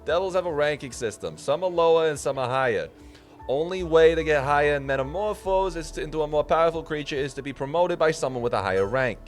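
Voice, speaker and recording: A man's voice: fairly high pitch, expressive, fast, pitched above the performer's own voice, natural voice. A man voicing a small, smug male imp who works as a clerk, reading the lines in a wry, matter-of-fact way over game music. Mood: explaining.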